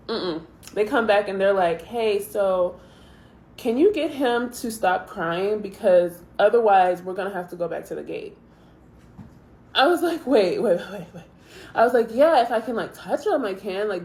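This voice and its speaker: Young woman vlogger, casual storyteller, chatty and animated, roomy echoey sound. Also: mid-range voice. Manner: chatty, animated retelling with quoted asides.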